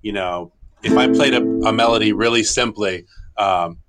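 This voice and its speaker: A man's voice: on the low side, a little fast, over loud music. A middle-aged man, a tango guitarist and teacher, answering interview questions thoughtfully with frequent restarts.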